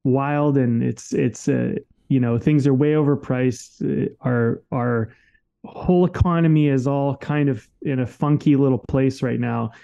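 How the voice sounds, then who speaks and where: A man's voice: medium pitch, steady tone, measured pace, creaky, warm tone, clear, resonant tone, lo-fi sound. A man co-hosting a podcast in casual conversation, talking candidly and emphatically and swearing freely. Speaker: podcast co-host.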